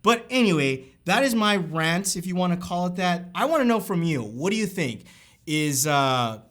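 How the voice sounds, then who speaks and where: A man's voice: high-pitched, lively intonation, moderate pace, a bit bright. A young adult man hosting a camera review vlog, giving his opinion in an emphatic, conversational rant aimed straight at his viewers.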